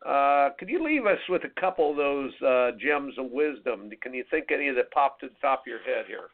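A male radio host interviewing a guest in an earnest, measured way, asking his questions slowly. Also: medium pitch, lively intonation. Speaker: radio show host and tennis coach. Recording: phone-like narrow sound.

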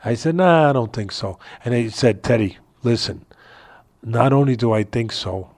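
An older man, a boxing trainer, telling a story in a casual interview from his home, animated and laughing as he talks. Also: mid-range voice, normal speed. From New York area.

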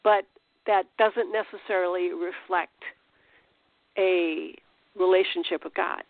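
A Christian teacher gives an informal spiritual talk in a conversational way, restarting sentences and posing rhetorical questions. His mid-range voice holds a steady tone at a slow pace. The recording is dry and tinny, like a phone.

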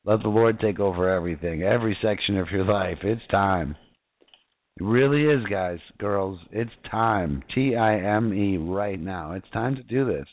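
A man's voice: fairly low pitch, moderate pace, no room sound. Fervent man preaching over tinny audio. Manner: fervent, exclamatory, addresses listeners directly. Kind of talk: casual preaching with scripture reading.

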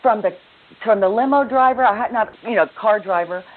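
A woman's voice: mid-range voice, fairly quick. A woman author and self-love teacher, a guest telling her story in earnest, with the odd laugh. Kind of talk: conversational interview storytelling. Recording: narrow phone-line sound.

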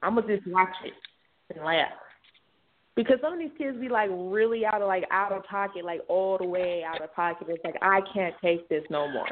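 A woman's voice: lowish voice, moderate pace. A woman co-hosting a podcast, telling slangy stories in casual chat. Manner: slangy, laughing storyteller. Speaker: podcast co-host. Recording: tinny phone-like line with faint noise.

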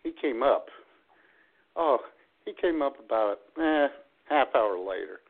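A male radio host spins a rambling, joking yarn, often crude. His voice is gravelly and husky, and his pitch swings widely. It comes through as thin, phone-like audio. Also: animated, unhurried. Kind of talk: casual storytelling chat.

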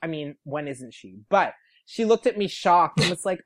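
Animated young man telling a story. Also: on the high side, moderate pace. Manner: animated, quotes people in lively put-on voices. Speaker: podcast guest. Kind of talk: casual storytelling.

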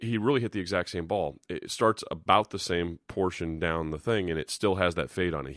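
Deep-voiced former linebacker breaking down film. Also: male voice, no echo, clean studio sound. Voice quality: hoarse-sounding morning voice. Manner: rambling and conversational, with frequent restarts and 'you know'. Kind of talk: casual film breakdown commentary.

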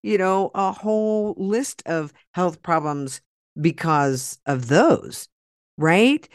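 A man's voice: sits high, lively intonation, takes it slowly, no room sound. A man from Oklahoma with an Oklahoma accent, hosting a podcast in a blunt, folksy, rambling way. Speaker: podcast host. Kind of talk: casual chat with a guest, then a sponsor plug.

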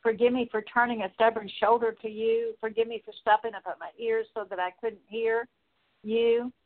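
A woman leading a spoken prayer of repentance, earnest and steady, working through a long list with frequent small fillers. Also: a little high, normal speed. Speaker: prayer minister. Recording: tinny phone-like line.

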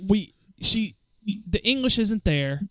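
A man hosting a casual podcast chat, relaxed, laughing often and trailing off with fillers. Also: high-pitched, takes it slowly. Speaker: podcast host.

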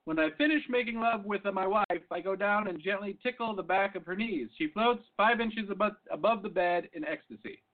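A man's voice: sits high, fairly quick, few pauses, narrow, tinny audio. A man playing a boastful husband. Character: bragging Italian husband, showy.

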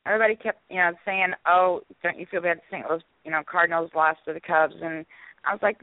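A man's voice: high voice, little pitch movement, fast, dry recording. Easygoing man co-hosting over the phone. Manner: easygoing, laughs often, chatty. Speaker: show co-host. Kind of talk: casual chat. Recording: tinny phone line, dry.

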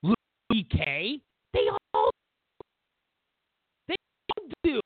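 Animated ranting man on a tinny line. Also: sits high, slow pace, husky, no room sound. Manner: animated, incredulous, repeats himself. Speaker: host. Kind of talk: political commentary rant. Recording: tinny phone-like dry sound.

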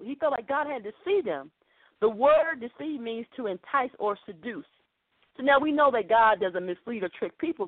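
A woman's voice: on the high side, no echo. A woman preaching a sermon in an earnest way, repeating phrases for emphasis. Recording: tinny phone-like sound.

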